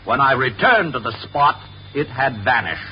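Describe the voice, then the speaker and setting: A man's voice: mid-range voice, very animated, normal speed, lo-fi sound. A man playing a stuffy, suspicious school official in a 1950s radio sitcom. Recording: old radio broadcast with hiss.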